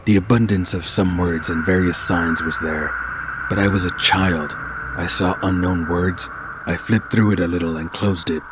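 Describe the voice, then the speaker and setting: A man narrating a scripted first-person horror story in a steady, measured way. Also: low voice. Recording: noisy home recording.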